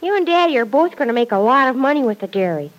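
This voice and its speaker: A sweet, naive teenage girl, earnest and a little giggly, full of wholesome exclamations. Her voice sits fairly high. The sound is a vintage radio broadcast recording. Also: sing-song, fast, rough recording. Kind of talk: 1940s radio acting.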